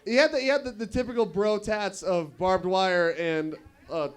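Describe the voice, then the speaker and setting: A man's voice: high voice, fairly even intonation, normal speed, smooth. A young man doing stand-up at an open mic in a bar, crude and rambling as he banters with the crowd. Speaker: stand-up comedian.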